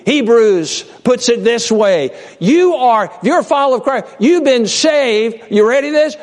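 A man preaching a sermon with passion, swinging between raised cries and low hushed storytelling, often restarting words and speaking straight to his listeners. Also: lively intonation, unhurried. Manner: repeats and restarts words, direct address to listeners. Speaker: pastor.

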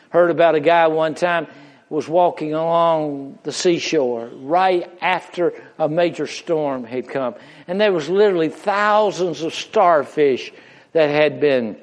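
A man preaching a sermon, slow and drawn out, dropping to hushed low phrases and rising to shouted climaxes. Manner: slow, drawn-out delivery with dramatic pauses.

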